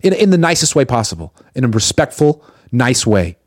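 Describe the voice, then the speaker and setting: A man's voice: mid-range voice, sing-song, fairly quick, dry recording, studio quality. A man hosting a casual sports live stream, reading viewer comments aloud and answering them bluntly, swearing now and then.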